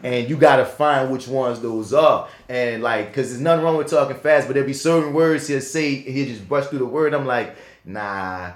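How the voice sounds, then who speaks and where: A man with a thick New Orleans accent talks casually on a podcast, telling stories with loose slang and plenty of swearing. His voice sits at a middle pitch and bounces off the walls of a roomy, echoey space. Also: moderate pace, few pauses. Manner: animated storyteller, swearing, slangy. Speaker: podcast co-host. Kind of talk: casual chat.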